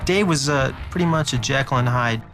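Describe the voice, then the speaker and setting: A man in an interview, telling old stories in an animated way and acting out what people said. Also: medium pitch, a little fast. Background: music.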